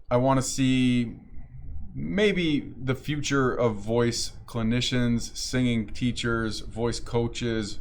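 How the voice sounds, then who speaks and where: A man's voice: medium pitch, a little hiss or hum. A man coaching voice technique in a casual lesson, explaining with frequent restarts and self-corrections.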